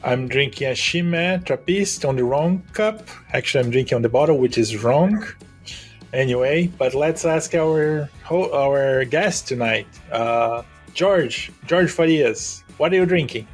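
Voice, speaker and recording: A man co-hosting a casual tech podcast as the company boss, bantering in a jokey, relaxed way. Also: medium pitch, unhurried, soft background music.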